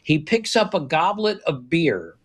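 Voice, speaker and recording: An older man, a baseball writer, telling lively anecdotes in a podcast chat, acting out quotes and laughing often. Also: a little high, measured pace, husky.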